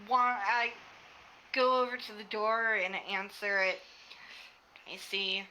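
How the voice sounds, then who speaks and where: A woman playing a tabletop game, calmly narrating what her character does and giggling between lines. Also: mid-range voice, slow pace, slight background noise, low-quality recording. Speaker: player.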